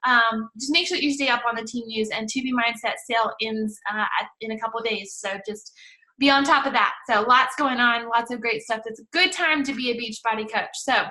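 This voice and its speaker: High, bright, upbeat woman host. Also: fairly quick, low-quality recording. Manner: upbeat, effusive, welcoming. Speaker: team leader and call host. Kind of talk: hosting a team call. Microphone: online call.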